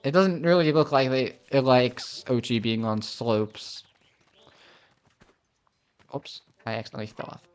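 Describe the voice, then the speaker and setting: A man's voice: medium pitch, unhurried, pauses often, clear, resonant tone. A man casually commentating on a video game as a let's play host, chatty and easygoing.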